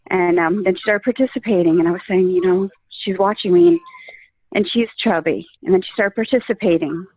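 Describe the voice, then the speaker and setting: A woman's voice: fairly low pitch, animated, brisk, dry recording. A woman telling her own story in a casual interview, earnest and full of fillers. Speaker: guest sharing her coaching story. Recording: tinny, phone-like, dry line.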